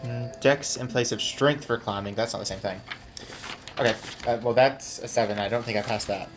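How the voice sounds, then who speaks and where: A player in a tabletop game, working through the rules and the dice out loud. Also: medium pitch, steady tone, normal speed, music in the background. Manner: methodical, checks the rules aloud.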